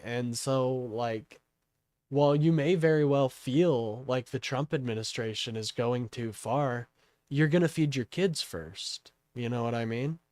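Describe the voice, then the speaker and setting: A man's voice: mid-range voice, no echo. Rambling young man chatting with his stream. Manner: rambling, talks to chat, many fillers. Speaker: livestream host. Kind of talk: casual political livestream chat.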